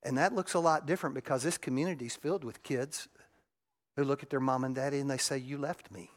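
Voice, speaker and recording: A middle-aged man, preaching a sermon and telling a raw, emotional personal story that swings between loud and hushed. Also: medium pitch, steady tone, fast. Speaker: pastor.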